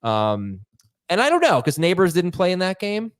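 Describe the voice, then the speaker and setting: A man hosting a live sports chat, reading out viewer questions in a quick, playful way. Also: high-pitched, wildly swooping pitch, clean tone, no room sound, studio quality. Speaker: show host. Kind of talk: live fantasy football Q&A.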